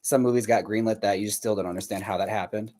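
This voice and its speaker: His voice is fairly low, steady and dark, and he talks fast against slight background noise. Hosting a doll-painting livestream, he chats casually with viewers, swearing and laughing a lot and rambling as he digs through his memory out loud.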